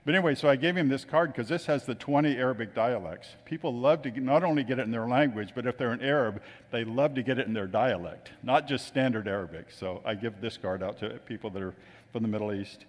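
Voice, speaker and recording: A man's voice: medium pitch, fast. A man telling chatty anecdotes to a gathering, acting out the voices of the people he quotes. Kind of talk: casual storytelling talk. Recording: long reverb of a hall.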